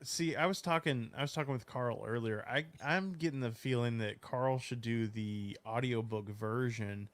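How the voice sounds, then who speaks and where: A man's voice: medium pitch, moderate pace, few pauses. Dry-humored man co-hosting. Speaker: co-host. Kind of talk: casual live-stream chat.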